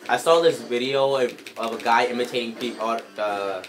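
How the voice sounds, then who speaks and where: A man's voice: mid-range voice, moderate pace, a little hiss or hum. A young man chatting casually while playing a game with a friend, laid-back and teasing. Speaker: guest gamer. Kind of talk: casual chat while gaming.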